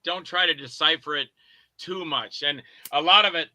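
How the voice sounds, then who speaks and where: A man's voice: on the high side, moderate pace, slight background noise, rough recording. A man, a guest filmmaker, telling stories in a casual interview and acting out the people he quotes. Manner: animated, acts out quoted lines with swearing.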